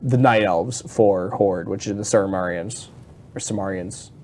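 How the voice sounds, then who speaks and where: A man co-hosting a casual gaming chat show, talking in an excitable, rambling way with many restarts and fillers. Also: fairly low pitch, moderate pace, slight background noise. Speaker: podcast co-host.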